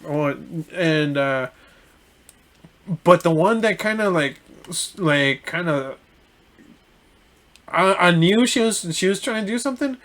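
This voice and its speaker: A young man co-hosting a casual podcast, telling a story in halting bursts with many restarts, acting out the other person's lines. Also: sits high, animated, fairly bright tone. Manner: halting, full of restarts and fillers, acts out quoted lines. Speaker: podcast co-host.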